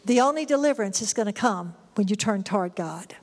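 A middle-aged woman preaching a sermon, emphatic and repetitive, sometimes crying out high. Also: animated, brisk. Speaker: pastor. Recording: long hall reverb.

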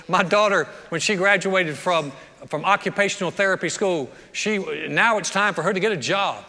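A man, preaching a sermon, animated and joking, acting out the voices of the people in his stories. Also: high-pitched, normal speed. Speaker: pastor. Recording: long reverb of a large hall.

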